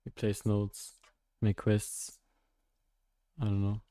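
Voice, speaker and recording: A young man chats with his viewers during a live coding stream, with a mellow voice. He thinks aloud, stops and restarts, and laughs often. The sound is dry. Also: fairly low pitch, completely flat delivery, slow, dry recording. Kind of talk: casual live-stream chat while coding.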